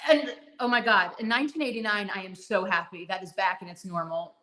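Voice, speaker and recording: A woman's voice: medium pitch, steady tone, fairly quick, sharp tone. Gushing woman in an echoey room. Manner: gushing, rambling with many fillers. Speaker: podcast co-host. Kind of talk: casual fan chat.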